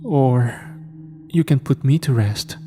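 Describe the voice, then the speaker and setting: A man voicing Death as a sad, gentle pale woman, speaking softly and sweetly. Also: medium pitch, slow, a little hiss or hum, voice pushed up, natural voice. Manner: soft, sweet and melancholy.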